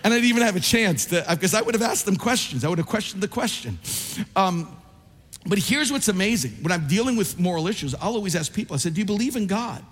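Man, pastor preaching, high voice, animated, echoing church hall. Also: fast. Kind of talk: sermon. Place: church sanctuary.

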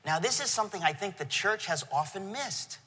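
A middle-aged man preaching a sermon to a congregation, telling a story with animated emotion. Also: high-pitched, brisk, husky. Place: church venue. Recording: long hall reverb.

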